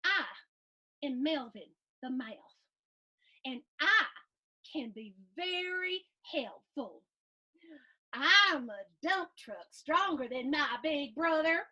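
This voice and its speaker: High-voiced, slow-talking storytime woman. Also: dull audio. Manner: animated, gasping, playful asides to young listeners. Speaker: storytime host reading to children. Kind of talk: reading a picture book aloud to kids.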